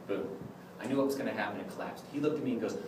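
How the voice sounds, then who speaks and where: A man lecturing on clown magic and demonstrating tricks to a class in an animated, jokey way, often acting out his exchanges with kids. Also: lowish voice, very fast. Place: lecture room. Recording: echoey room, far from the mic, background noise.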